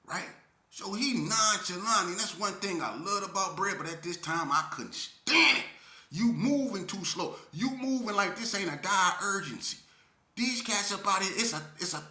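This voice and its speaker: Animated slangy male storyteller. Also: high-pitched, echoey room. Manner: animated, slangy, checks in with "right?". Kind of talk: casual storytelling.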